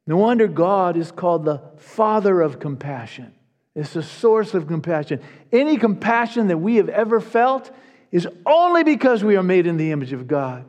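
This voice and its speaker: High-voiced male preacher in a reverberant hall. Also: expressive, normal speed, darkish tone. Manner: emphatic, earnest preaching with repetitions. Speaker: pastor. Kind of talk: sermon. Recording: long reverb of a large hall.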